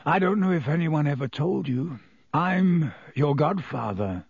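A man doing croaky Sirius Black, halting. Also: a little high, animated, a little mellow, dry recording, studio quality, full character voice. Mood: earnest hesitant. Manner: halting, earnest, then urgent. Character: gaunt hoarse escaped convict godfather, man.

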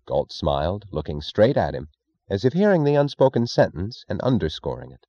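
A man giving a measured, scripted audiobook narration. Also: on the low side, sing-song, mellow, dry recording, dull audio.

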